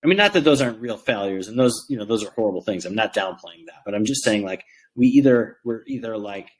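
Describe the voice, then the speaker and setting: A man's voice: on the low side, lively intonation, quick pace. A man co-hosting a podcast, thinking aloud in loose, hesitant sentences. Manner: thinks aloud, with many "like" fillers and restarts. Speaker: podcast co-host. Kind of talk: casual podcast chat.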